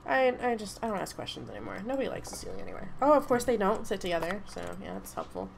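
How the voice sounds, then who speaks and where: A young woman casually commenting on her game, excitable and gushing with chatty asides. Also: medium pitch, quick pace, creaky, a little hiss or hum. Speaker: gaming YouTuber. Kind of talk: casual let's-play commentary.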